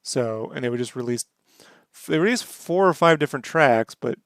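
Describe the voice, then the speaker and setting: Gravelly man, laid-back and joking. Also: mid-range voice, expressive, moderate pace, fairly bright tone, dry recording, clean studio sound. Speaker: podcast co-host. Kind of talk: casual chat.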